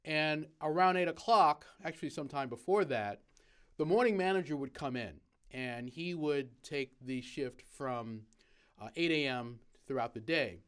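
A man's voice: a little high, normal speed, clear, resonant tone. A man, a motivational speaker, telling a personal story to the camera and acting out the lines of the people in it, with many fillers.

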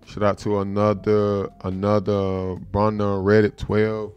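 Laid-back low-voiced man on a livestream. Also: monotone, a little slow, darkish tone, smooth, faint music behind. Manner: laid-back, loose and profane, repeating filler phrases. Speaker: livestream host. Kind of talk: casual livestream chat.

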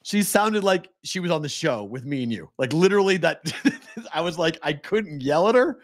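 A man's voice: on the high side, animated, normal speed. A man with a Boston accent co-hosting a casual sports talk show, telling stories and laughing often. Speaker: co-host.

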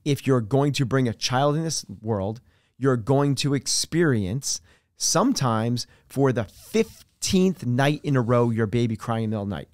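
A man speaking as a podcast guest and coach, explaining his ideas earnestly with everyday examples and dropping his voice softer on key terms. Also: medium pitch, animated, moderate pace, no echo, studio quality. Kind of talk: conversational podcast interview.

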